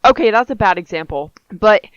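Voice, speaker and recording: A woman's voice: mid-range voice, expressive, brisk, clear, resonant tone, dry recording, lo-fi sound. A woman co-hosting a comedy podcast, chatting and musing with dry humor. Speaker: podcast co-host. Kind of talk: casual comedic chat.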